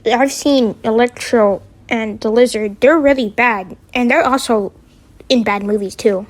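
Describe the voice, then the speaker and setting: A woman's voice: fairly high pitch, measured pace. A woman voicing a chatty young male superhero who talks in an emphatic, repetitive way.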